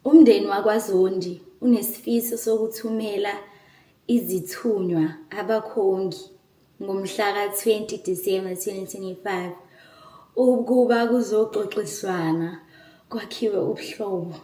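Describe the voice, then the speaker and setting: An excitable young South African woman talks casually to her viewers, emotional and quick to laugh. She sits some way from the microphone, and the room around her rings with echo. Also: mid-range voice. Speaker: vlogger. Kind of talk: casual vlog, switching between English and isiZulu. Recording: echoey room, far from the mic.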